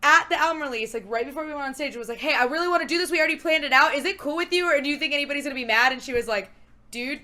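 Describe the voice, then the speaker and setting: An excitable woman musician chats on a podcast, her voice sitting quite high. The tone is bright and forceful, and she laughs often as she tells stories. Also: racing. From Charlotte area, United States. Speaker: band member guest. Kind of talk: casual storytelling chat.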